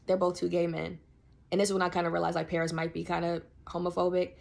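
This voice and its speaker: Gravelly-voiced young woman telling a story. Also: lowish voice, fast. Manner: animated, slangy, many fillers, laughs often. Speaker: podcast host telling a story. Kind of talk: casual storytelling.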